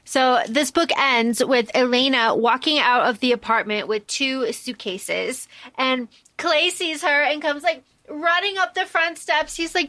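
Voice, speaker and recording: Female podcast co-host, bright and lively, casual storyteller, dry close mic. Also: sits high, measured pace, few pauses, no echo. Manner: animated, acts out character lines while retelling the plot. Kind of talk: casual book discussion.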